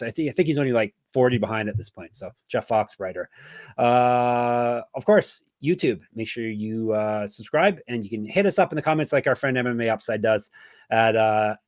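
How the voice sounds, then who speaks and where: A man's voice: medium pitch, fairly quick, dry recording. Male podcast host, casual and chatty, jokey sign-off energy, dry mic. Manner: chatty, joking, plugs links.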